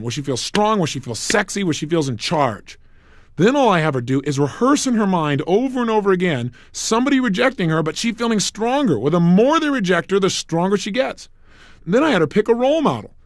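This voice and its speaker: Lively, emphatic high-pitched male coach. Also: no echo, studio quality. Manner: emphatic, repetitive, storytelling. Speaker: motivational speaker. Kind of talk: recorded self-help audio program.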